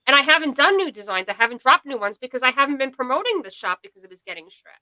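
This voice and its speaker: A woman's voice: sits high, sing-song, fast talker, bright, forceful tone, dry recording, poor audio. A woman in a casual live podcast chat, talking bluntly and in a rambling way, with a sarcastic edge. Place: home.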